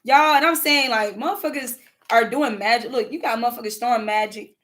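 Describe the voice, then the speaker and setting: High-voiced animated woman, Southern twang. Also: fairly quick. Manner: animated, profane, laughing, repeats words. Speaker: spiritual content creator. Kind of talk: casual spiritual vlog talk.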